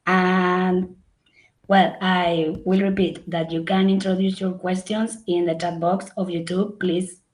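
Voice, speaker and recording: A woman's voice: on the low side, level tone, slow, slight background noise, poor audio. Latin American woman moderating a session. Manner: polite, hesitant. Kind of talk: moderating a live online session.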